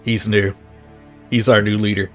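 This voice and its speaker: Rambling young game master. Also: male voice, lowish voice, little pitch movement, normal speed, faint music behind. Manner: rambling, many fillers and restarts. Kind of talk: casual tabletop game narration.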